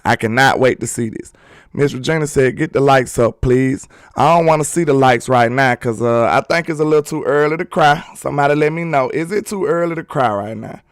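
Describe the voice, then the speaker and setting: A man hosting a sports livestream, chatting casually and excitedly while reading viewer comments. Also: mid-range voice, brisk, clean tone, no room sound, studio quality. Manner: excitable, talkative, teasing with chat.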